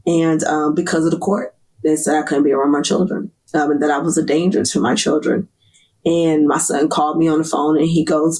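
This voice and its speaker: A woman's voice: low voice, steady tone, darkish tone. Earnest woman sharing a hard testimony. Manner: earnest, emotional, halting with fillers. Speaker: guest. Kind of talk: candid personal testimony.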